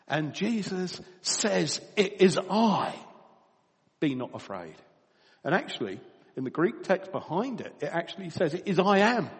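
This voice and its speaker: Man, sermon, lively storytelling voice, soft chuckles between points, church hall with long reverb. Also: a little high. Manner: storytelling with animated rises and soft drops. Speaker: preacher.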